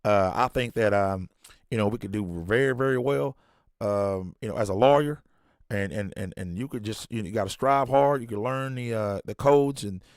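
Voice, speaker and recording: A man's voice: lowish voice, moderate pace, no room sound, clean studio sound, close to an everyday voice. A man voicing an eager young male lawyer who leaves a friendly voicemail, talking in an upbeat, folksy way with lots of fillers.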